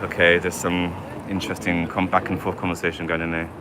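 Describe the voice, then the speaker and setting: A man's voice: low voice, monotone, fairly quick, noisy background. A man from England with a London accent, chatting casually on a live walking-tour stream and reading viewer comments aloud while walking outdoors on a city street. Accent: London English. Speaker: vlogger.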